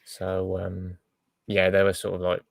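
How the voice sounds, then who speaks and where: A man co-hosting a podcast, calmly explaining in halting casual chat. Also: low-pitched, gravelly, no room sound. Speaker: podcast co-host.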